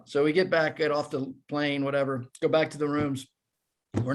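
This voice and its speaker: A man in his fifties, a former baseball player, telling animated, self-deprecating stories as a podcast guest. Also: fairly high pitch, moderate pace, a little hiss or hum. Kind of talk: casual storytelling.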